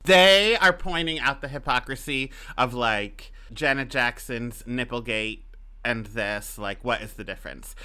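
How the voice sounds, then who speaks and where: A man's voice: mid-range voice, a little slow, clear, resonant tone. A young adult man co-hosting a podcast, telling stories and joking, laughing often. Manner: animated, joking storyteller who laughs often. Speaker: podcast co-host. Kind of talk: casual gossip chat.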